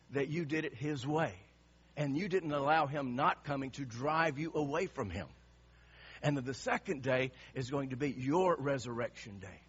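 A man's voice: fairly high pitch, a bit bright, slightly rough, lo-fi sound. A male pastor preaching a sermon with emphasis, asking the congregation the same question again and again.

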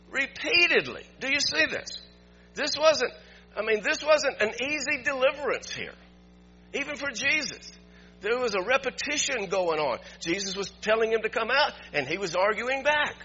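A male pastor tells a story and works through scripture in an animated sermon. His voice sits high and bright and leaps around in pitch as he builds to emphatic points. The recording is a little muffled, with soft music underneath. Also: husky. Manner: animated storytelling preacher, rising to emphatic peaks.

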